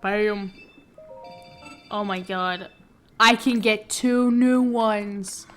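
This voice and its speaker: A woman gaming streamer giving excitable let's play commentary with playful trash talk. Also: medium pitch, extremely slow, soft background music.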